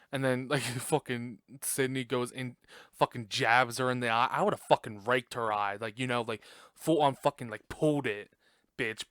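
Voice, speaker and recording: A young man hosts a casual podcast and retells a movie's plot in a loose, profane, laughing way. His voice is smooth and clear, and it sounds close and dry, with no room echo. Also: medium pitch, fairly bright tone. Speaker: podcast host.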